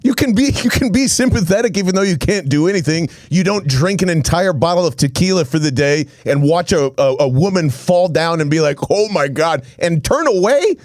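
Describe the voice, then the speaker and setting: A man's voice: high voice, expressive, a little fast, few pauses, darkish tone, dry recording. A man co-hosting a sports podcast, talking casually with a sarcastic, teasing edge. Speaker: podcast co-host.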